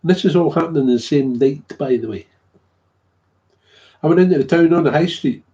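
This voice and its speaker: A man's voice: on the high side, normal speed, mellow. A man in a casual, rambling monologue about his recovery, repeating himself and chuckling often. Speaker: recovering alcoholic sharing his story. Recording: dull lo-fi recording.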